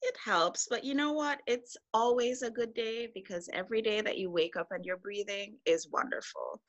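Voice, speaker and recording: A woman's voice: fairly high pitch, fairly even intonation, moderate pace, muffled recording. A woman doctor talking about her practice as an interview guest, upbeat and chatty. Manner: upbeat, chatty, self-amused. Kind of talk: interview conversation.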